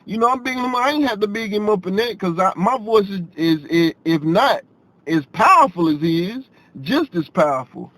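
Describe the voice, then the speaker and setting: A man telling a personal story to his audience in a casual, animated way, often repeating himself and acting out what others said. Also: high voice, brisk, low-quality recording.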